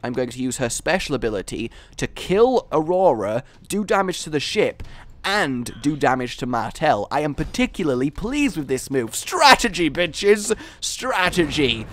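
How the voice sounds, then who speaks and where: A young man hosting a gaming video, giving excited play-by-play commentary with loud triumphant outbursts. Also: mid-range voice, moderate pace.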